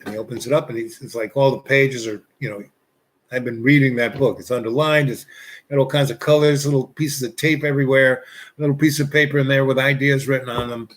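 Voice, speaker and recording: A man's voice: mid-range voice, fairly even intonation, a little fast, fairly bright tone. A man telling a casual anecdote, rambling and filling his sentences with "you know" and restarts. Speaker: storyteller.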